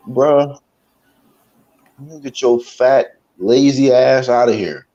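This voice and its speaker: A man's voice: medium pitch, slow, long pauses, warm tone, highs cut off. A man co-hosting a live boxing talk show, blunt and heated, swearing freely. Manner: blunt, heated, profane critique. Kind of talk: casual live-stream chat.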